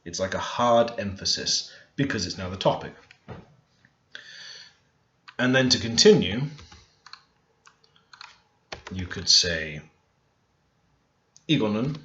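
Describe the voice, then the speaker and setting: A man talking through a screen-recorded language lesson, unhurried and thinking aloud as he types. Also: deep voice, lively intonation, sharp tone, slight background noise. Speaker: language learner teaching Korean. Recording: roomy, dull lo-fi sound. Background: keyboard typing and clicks.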